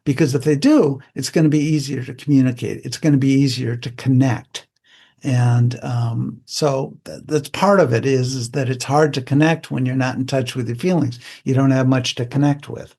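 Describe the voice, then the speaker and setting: A man's voice: mid-range voice, steady tone, normal speed, darkish tone, husky. Older man, candid psychologist guest. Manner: candid, plain-spoken, reflective. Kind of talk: conversational interview.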